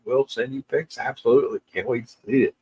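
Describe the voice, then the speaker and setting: A man's voice: medium pitch, darkish tone, husky, dull audio. Tearful man crying through casual chat. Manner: halting, tearful, many restarts and pauses. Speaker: livestream host. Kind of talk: casual livestream chat with viewers.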